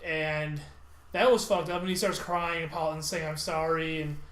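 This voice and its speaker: High-voiced, swearing podcast co-host in an echoey room. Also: male voice, a little fast. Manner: animated, swears freely, acts out quotes. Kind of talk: casual profane recap chat.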